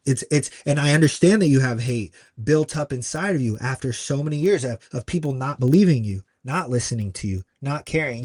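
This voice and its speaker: Man, podcast guest, earnest storyteller, acts out quotes, medium pitch, dry sound. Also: lively intonation, brisk, few pauses, darkish tone, no echo. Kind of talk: conversational storytelling.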